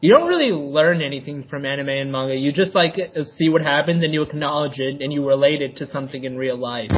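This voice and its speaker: A man co-hosting a casual podcast, laid-back, reasoning his points out loud. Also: a little high, fast. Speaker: podcast co-host. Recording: dull lo-fi recording.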